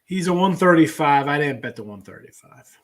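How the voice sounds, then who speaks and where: A man's voice: a little high, expressive, fairly quick. A middle-aged man hosting a live sports betting show, chatting loosely with viewers and rambling as he thinks aloud. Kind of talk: casual live-stream chat.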